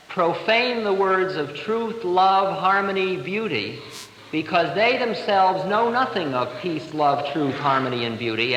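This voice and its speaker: Man, spiritual teacher, bright voice, big swings in pitch, reverberant hall, faint hiss. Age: 30s. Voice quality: lively, expressive storytelling. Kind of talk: spiritual talk to an audience. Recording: echoey hall, 1970 live recording, faint hiss.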